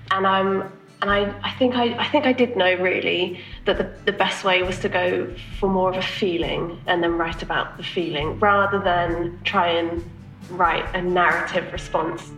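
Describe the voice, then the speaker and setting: A woman's voice: medium pitch, a bit bright. A woman songwriter answering interview questions in a hesitant, reflective way with many restarts. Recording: roomy, distant mic.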